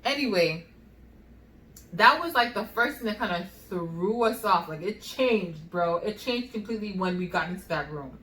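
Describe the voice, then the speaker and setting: A young woman with a New York accent telling a personal story in a casual, animated way, full of fillers and acted-out dialogue. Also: mid-range voice, moderate pace. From United States. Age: young adult. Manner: animated, swears, filler-heavy, acts out dialogue. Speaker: vlogger. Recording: echoey room.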